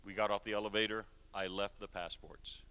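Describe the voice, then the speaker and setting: A man preaching a sermon as a guest speaker, telling a story and swinging between hushed and emphatic delivery. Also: on the low side, steady tone, brisk, clean tone. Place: church hall. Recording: long reverb of a large church hall.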